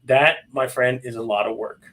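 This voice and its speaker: A man's voice: mid-range voice, steady tone, moderate pace, a bit bright. Chatty male podcast host. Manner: friendly, encouraging, chatty questions. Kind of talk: casual interview.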